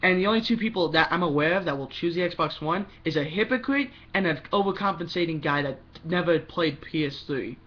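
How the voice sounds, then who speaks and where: A man's voice: on the high side, lively intonation, highs cut off. A young man giving a rambling opinion vlog about games, often stopping to restart his sentences. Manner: rambling, restarts often, talks fast in bursts. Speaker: gaming vlogger.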